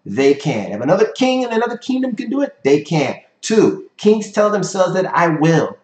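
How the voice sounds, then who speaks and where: Male business coach lecturing at a whiteboard; insistent, repetitive delivery, a touch high-pitched, echoey room. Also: sing-song, moderate pace, a little mellow. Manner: emphatic, repeats points, frequent "right?" tag questions. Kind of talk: motivational lecture.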